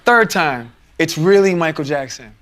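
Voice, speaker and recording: Animated man acting out a story. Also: fairly high pitch, moderate pace. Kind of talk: anecdote told in an interview.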